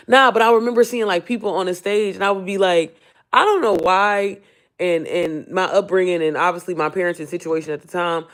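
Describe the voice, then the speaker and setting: A woman talks straight to her viewers in a loose live-stream Q&A, her voice hoarse and worn. She rambles, circles back, and speaks from the heart, often near tears. She keeps calling the audience y'all and sis. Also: fairly low pitch. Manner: emotional, close to tears. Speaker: online business coach.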